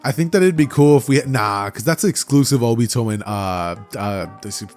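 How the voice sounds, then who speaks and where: A young adult man hosting a casual chat, talking in an excited, slangy way with quick restarts. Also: medium pitch, faint music behind. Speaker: channel host.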